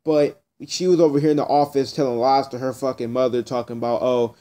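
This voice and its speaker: Blunt rambling teenage guy, mellow voice. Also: mid-range voice, steady tone, fairly quick, clear, resonant tone. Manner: blunt, rambling, repeats himself. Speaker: vlogger. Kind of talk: casual storytelling rant.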